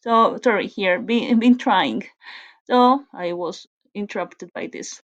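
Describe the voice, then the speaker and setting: A woman's voice: medium pitch, slow pace, muffled recording. A woman whose first language is Spanish, teaching an English grammar lesson and explaining step by step with frequent self-corrections.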